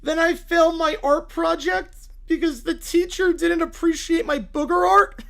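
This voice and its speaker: A synthetic voice playing a small, hot-tempered male bear cub in a fan-made cartoon, yelling and whining. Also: fairly even intonation, moderate pace, creaky, full character voice. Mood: whiny. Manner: shrill, whiny, yelling.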